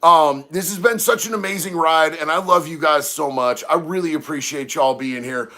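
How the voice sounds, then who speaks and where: Bright-voiced man chatting on livestream. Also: fairly high pitch, normal speed, hardly any pauses. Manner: laid-back, slangy, reads chat aloud. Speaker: livestream host. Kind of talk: casual livestream chat.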